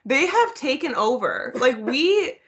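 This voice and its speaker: A woman's voice: high-pitched, sing-song, slow. A woman hosting a podcast in casual chat, joking about her family and laughing easily. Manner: chatty, laughs easily, agrees along. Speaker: podcast host. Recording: slightly dull, lo-fi sound.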